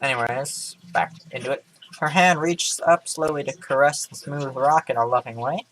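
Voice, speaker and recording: A man's voice: mid-range voice, normal speed, fairly bright tone, a little hiss or hum, poor audio. A tired young man casually reading a story aloud from his webcam, with sarcastic asides and stumbles over words. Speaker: gaming vlogger. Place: indoor room.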